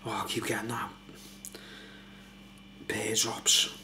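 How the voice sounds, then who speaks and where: A man's voice: lowish voice, level tone, takes it slowly, bright, forceful tone. Older man, tipsy, rambling, chatty, laughs a lot, casual beer review, faint hum behind. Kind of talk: casual late-night beer review vlog.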